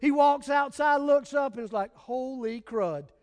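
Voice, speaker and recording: A man's voice: very high-pitched, fairly even intonation, normal speed, darkish tone, big-room sound. A man preaching a sermon as pastor, telling stories in a casual, emphatic way.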